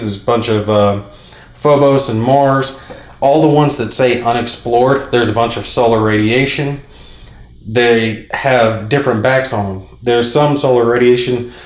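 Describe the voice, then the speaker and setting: A man casually explaining his moves in a tabletop space game, rambling with fillers and clearing his throat now and then. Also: medium pitch, roomy sound. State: clearing throat, a little choked up. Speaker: board game player and channel host.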